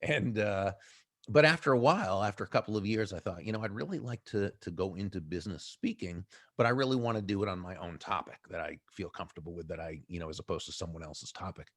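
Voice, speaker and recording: A man's voice: deep voice, fast, no echo, studio quality. A middle-aged man from the Boston area with a faint Boston accent, an author telling stories as an interview guest and laughing often. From Boston area, USA. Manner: animated storyteller who laughs often. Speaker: author and sales speaker, guest. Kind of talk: casual interview storytelling.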